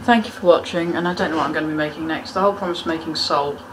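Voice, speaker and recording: With a voice that sits low, a woman races through her casual home-kitchen cooking demonstration, chatting and making self-mocking jokes as the video's host. Clattering pans, cutlery, pots and kitchen ambience make the recording noisy.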